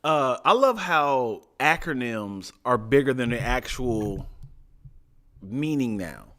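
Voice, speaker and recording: A man with a Baltimore accent, co-hosting a casual talk show, joking and laughing often. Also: slow. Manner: playful, laughs often, lively pitch. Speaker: podcast co-host. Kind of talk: casual banter.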